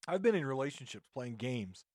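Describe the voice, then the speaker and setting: A man's voice: medium pitch, very animated, normal speed, a little mellow, dry recording, clean studio sound. A man hosting a podcast, ranting indignantly in a monologue and often restarting his sentences. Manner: indignant, rambling with frequent restarts. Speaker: podcast host.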